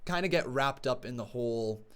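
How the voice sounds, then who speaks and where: A man's voice: medium pitch, lively intonation, moderate pace, clean tone. A man hosting a live call-in stream, chatty and friendly, laughing easily with callers. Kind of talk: casual call-in chat.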